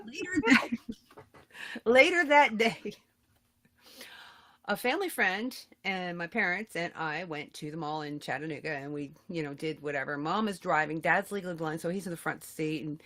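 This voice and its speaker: A woman in her fifties co-hosting a podcast, telling a story in casual chat with high, loud bursts and laughter. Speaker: podcast co-host.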